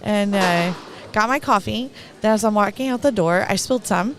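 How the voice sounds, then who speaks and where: A woman's voice: medium pitch, moderate pace. A middle-aged woman with a Texan accent giving rambling, talkative live commentary at an event, laughing between thoughts.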